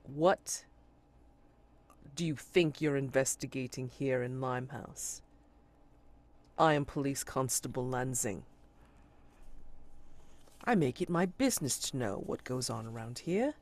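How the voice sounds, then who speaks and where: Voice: mid-range voice, lively intonation, measured pace, pauses often, darkish tone. A GM barking as a stern beat constable. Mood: suspicious. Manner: barking, suspicious, officious. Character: stern broad-shouldered male police constable.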